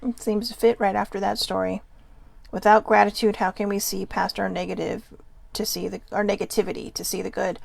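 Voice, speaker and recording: A woman's voice: medium pitch, flat delivery, a little fast, vocal fry, no room sound. A woman hosting a casual chat show, reading gratitude cards and rambling into giggly side notes. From Filipino and Hawaiian heritage. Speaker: host.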